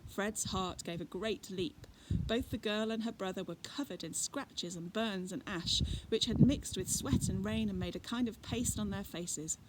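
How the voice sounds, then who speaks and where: Reader: woman, mid-pitched, lively storybook reading with asides, noisy recording. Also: measured pace, hardly any pauses. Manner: expressive reading with chatty asides. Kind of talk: reading a children's book aloud.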